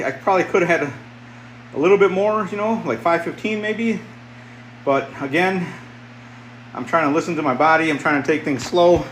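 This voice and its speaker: A man's voice: a little high, a bit bright, reverberant, slight background noise, poor audio. A man in his fifties livestreaming a casual workout chat from his home basement gym, plainspoken and rambling, repeating himself as he talks. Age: 50s. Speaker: fitness streamer. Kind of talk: casual live-stream chat while lifting.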